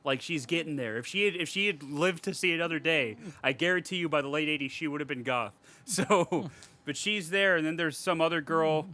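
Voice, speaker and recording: Male podcast co-host, fairly high and bright, loose profane rambler. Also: brisk. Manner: profane, rambling, laughs often. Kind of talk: casual horror movie chat.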